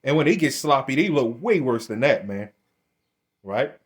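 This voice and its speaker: A man talking straight at his viewers with blunt, confrontational commentary, at an ordinary middle pitch for a man. He stumbles over words and restarts sentences a lot. He keeps throwing "man" at the end of his lines. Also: very animated, measured pace. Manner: repeats words and restarts often; keeps addressing listeners as "man". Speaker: religious commentator. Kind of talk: casual commentary to camera.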